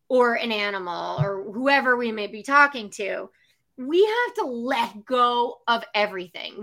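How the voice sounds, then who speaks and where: A woman's voice: fairly high pitch, a bit bright. A woman who works as a psychic medium, talking casually, full of fillers and acting out the voices of the people she quotes. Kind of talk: casual chat.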